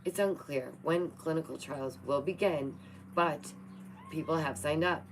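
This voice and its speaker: Chatty young woman with a low voice. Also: unhurried, slight background noise, poor audio. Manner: playful, chatty, talks to her cat between reading. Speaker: vlogger. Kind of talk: casual chat reacting to news.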